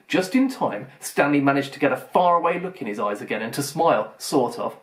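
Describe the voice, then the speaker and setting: A man's voice: mid-range voice, expressive, a little fast, few pauses. Man reading a children's audiobook. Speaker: audiobook reader.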